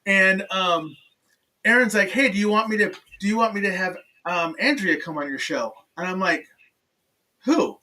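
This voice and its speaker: A man hosting a talk show, telling animated stories that act out quoted dialogue, and laughing often. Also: high-pitched, normal speed, recorded from a distance, slight background noise, rough recording. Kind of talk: casual interview chat.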